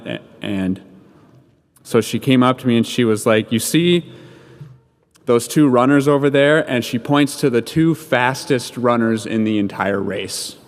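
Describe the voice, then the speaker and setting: A man giving a homily in a church, telling a personal story in a casual, conversational way with many "like" fillers and chuckling at himself. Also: mid-range voice. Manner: chuckles at his own story. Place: church sanctuary. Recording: long church-hall reverb.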